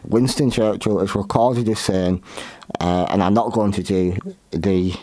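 Halting man, low voice. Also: steady tone, dark tone, no room sound. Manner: halting, repeats and restarts words often. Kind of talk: opinionated history commentary.

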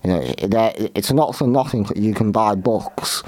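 A man hosting a history talk show, giving opinionated commentary in a halting way, often repeating and restarting his words. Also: fairly low pitch, darkish tone.

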